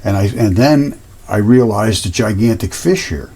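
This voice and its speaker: A man's voice: fairly low pitch, normal speed, gravelly, a little mellow, slightly rough. A man hosting his own channel, talking casually and earnestly over images, rambling and repeating himself. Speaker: host.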